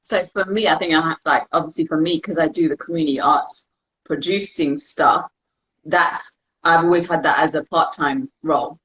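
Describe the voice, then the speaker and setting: A woman's voice: low-pitched, normal speed. A young woman, talking candidly as an interview guest and acting out her own thoughts. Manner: candid, animated, acts out quoted thoughts. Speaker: interview guest, dance practitioner. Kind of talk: casual conversation. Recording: dull lo-fi sound.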